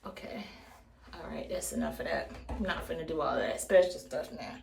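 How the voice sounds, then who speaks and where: A woman's voice: sits low, wildly swooping pitch, moderate pace, gravelly. A woman in her thirties chatting casually on camera as she does her hair, playful and jokey, talking straight to her viewers. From United States. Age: 30s. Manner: playful, jokey, talks to viewers as "baby" and "y'all". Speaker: hair vlogger. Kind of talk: casual chat while styling hair on camera. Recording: echoey room.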